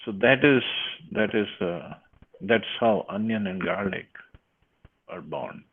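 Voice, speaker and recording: Low gravelly male teacher reading and explaining scripture over a tinny, phone-like line. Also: expressive, takes it slowly. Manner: reads verses, then explains with restarts. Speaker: class speaker reading scripture. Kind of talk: scripture class.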